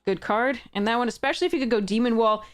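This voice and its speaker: A young woman commentating her own card game matches, swearing and laughing in frustration, swinging from exasperated outbursts to flat mutters. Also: a little high, quick pace. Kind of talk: casual gameplay commentary.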